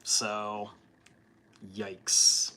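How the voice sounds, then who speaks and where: A man's voice: on the low side, completely flat delivery, drawn-out words, pushed and bright, a little hiss or hum. A man hosting a casual hobby livestream, rambling and swearing with lots of fillers and laughs. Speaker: livestream host. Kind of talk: casual chat during a hobby stream.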